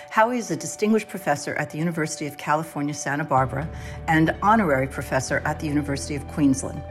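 Low-voiced woman reading a formal intro. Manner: formal, even-paced reading. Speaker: podcast host. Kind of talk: scripted introduction.

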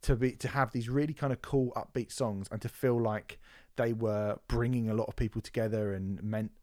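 A man's voice: medium pitch, steady tone, moderate pace, darkish tone, no room sound, studio quality. A young man co-hosting a podcast in casual chat, swearing freely and rambling through fillers and restarts. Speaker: podcast co-host.

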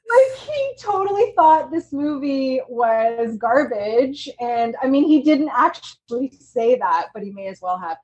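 A woman's voice: high voice, sing-song, normal speed, darkish tone, poor audio. A woman co-hosting a casual podcast, talking emphatically and laughing often. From Canada. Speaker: podcast co-host. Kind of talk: casual chat.

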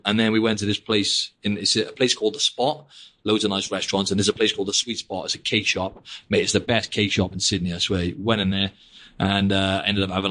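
This young man hosts a podcast with a fairly low voice that sounds pushed and bright. He rambles along chattily, constantly sprinkling in "mate" and "like."

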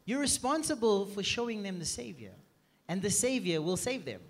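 A man's voice: high-pitched, sing-song, moderate pace. A man preaching a sermon with emphasis, often checking that the room is with him, in a church meeting room. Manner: emphatic, keeps asking "are you with me". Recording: long reverb from a hall.

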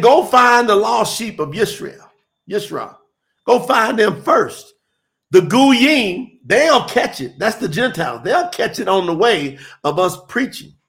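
A man delivering an emphatic sermon, his voice riding high and swinging widely in pitch. He takes his time, drawing out phrases and addressing listeners directly as he builds his case. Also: creaky, a bit bright. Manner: emphatic, call-and-response preaching to online listeners. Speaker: preacher. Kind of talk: live-streamed sermon.

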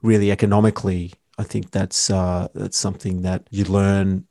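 A man co-hosting a film podcast, speaking in a measured, agreeable way. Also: deep voice, flat delivery, dark tone, dry recording, studio quality. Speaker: podcast co-host. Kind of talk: casual film discussion.

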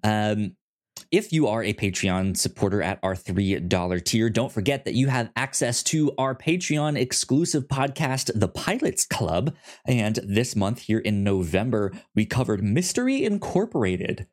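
A man's voice: on the low side, very animated, a little slow. A man hosting a podcast, chatting casually in a rambling way with many restarts. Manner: rambling, with frequent restarts and fillers. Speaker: podcast host.

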